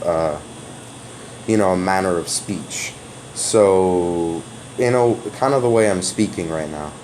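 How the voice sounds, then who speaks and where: Low-voiced man rambling through an explanation. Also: dark tone, a little hiss or hum, poor audio. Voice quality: open, sonorous voice. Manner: rambling and hesitant, with many fillers and restarts. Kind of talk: casual spoken explanation to a viewer. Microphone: off-camera voice recording.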